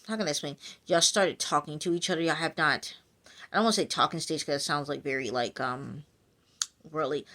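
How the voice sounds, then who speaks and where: A woman with a low-pitched voice gives a casual prophetic reading to her viewers. She rambles in a chatty way, with frequent fillers and asides. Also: sharp tone. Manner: chatty, many fillers, addresses listeners as y'all. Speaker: spiritual message reader. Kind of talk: casual prophetic encouragement vlog.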